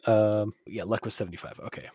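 Halting man playing a tabletop game. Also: fairly low pitch, fairly even intonation, mellow, a little hiss or hum. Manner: halting, stumbling over words. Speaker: player. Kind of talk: casual tabletop game chat.

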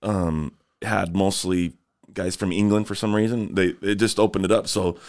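Lower-voiced man rambling through a story. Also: fairly even intonation, normal speed, a little mellow. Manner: rambling storyteller, laughs often. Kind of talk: casual podcast banter.

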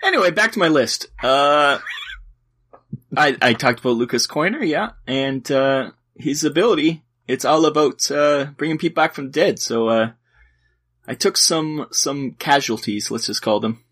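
Husky man rambling about game lists. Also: fairly high pitch, moderate pace, fairly bright tone. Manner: rambling, many fillers and restarts, laughs often. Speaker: podcast co-host. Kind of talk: casual chat about a tabletop wargame.

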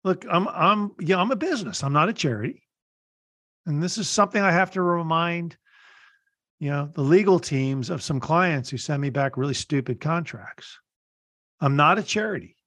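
A man hosting a business podcast, telling blunt, animated stories in a casual interview. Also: fairly high pitch, no echo. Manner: animated storytelling, blunt, fast bursts. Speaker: podcast host.

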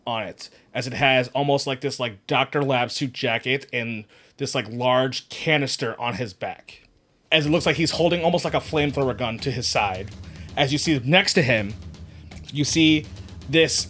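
A man's voice: mid-range voice, fairly bright tone. A man narrating a tabletop game as game master, describing scenes in rambling sentences full of "like" and "uh".

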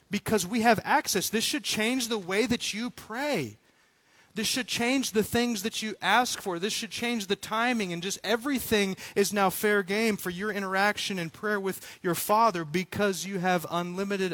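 A man in his thirties preaching a sermon, animated, acting out little scenes and often repeating words as he goes. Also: high-pitched, no echo. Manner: animated, acts out quotes, frequent repeated words. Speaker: pastor.

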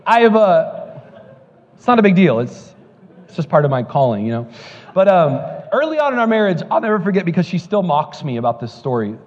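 A man's voice: sits high, sing-song, a little fast, a little mellow, long reverb tail, muffled recording. A male pastor preaching a sermon, telling joking stories before building to fervent preaching at a church service.

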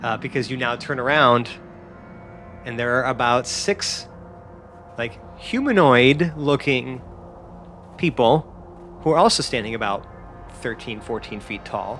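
A man's voice: mid-range voice, lively intonation, a little slow, long pauses, fairly bright tone, faint music behind. A man narrating a tabletop game as game master, rambling with lots of fillers.

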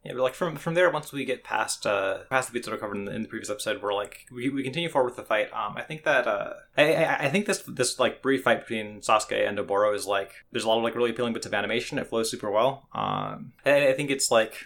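A man talks quickly and casually, circling back over his own sentences with many fillers. His voice has a gravelly, fried edge, and he keeps the pace brisk as he works through his thoughts on a podcast. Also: mid-range voice, a bit bright. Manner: rambling, many restarts and "like" fillers. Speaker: podcast co-host. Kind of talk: casual anime discussion.

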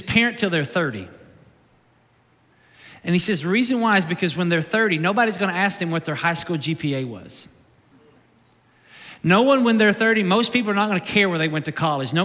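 Urgent preacher in a big hall. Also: male voice, on the high side, a bit bright. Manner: urgent, exhorting preacher with repeated refrains. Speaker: pastor. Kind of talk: sermon. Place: large church sanctuary. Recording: long reverb of a big hall.

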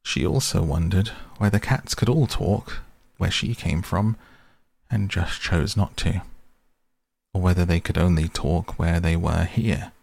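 A man reading a storybook aloud as narrator, in a slow, measured way. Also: deep voice, vocal fry, darkish tone, dry recording. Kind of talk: audiobook reading.

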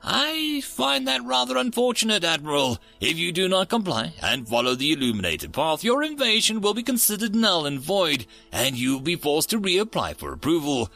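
A man's voice: fairly high pitch, very animated, normal speed, gravelly, few pauses, pushed and bright, soft background music, pitched above the performer's own voice, heavily acted. A man voicing an overly polite male starship captain who speaks like a customer service agent. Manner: courteous, customer-service phrasing. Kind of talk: scripted story narration.

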